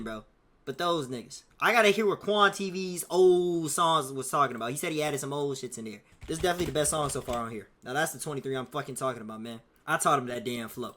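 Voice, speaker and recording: A man's voice: medium pitch, lively intonation, quick pace, sharp tone. A man streaming casually, rambling in a loose, profane, slang-heavy way. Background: faint music playing.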